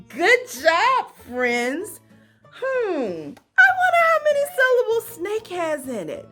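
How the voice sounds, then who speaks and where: A woman teacher talks small children through a phonics lesson, high-pitched and very slow. Her voice swoops up and down in an encouraging sing-song full of questions. Faint music plays underneath. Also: huge pitch swings, a bit bright.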